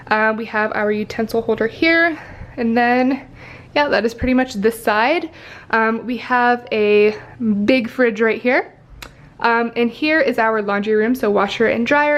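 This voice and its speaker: A young woman vlogger giving a casual tour of her apartment, chatty and rambling with lots of ums and likes. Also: on the high side. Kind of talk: casual home tour vlog. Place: apartment indoors.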